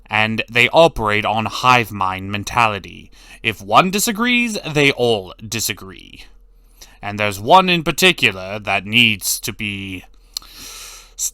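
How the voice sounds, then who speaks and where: A man's voice: fairly low pitch, sharp tone, clean tone, no room sound. A man giving a blunt, sarcastic recap of a cartoon episode, swearing freely in casual commentary. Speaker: cartoon reviewer.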